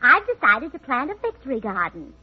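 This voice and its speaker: High, sweet scatterbrained radio comedienne. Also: female voice, very animated, a little fast, breathy edge. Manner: sweet, scatterbrained, matter-of-fact. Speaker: comedian, co-star of the show. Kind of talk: 1940s radio comedy acting. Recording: dull old radio recording.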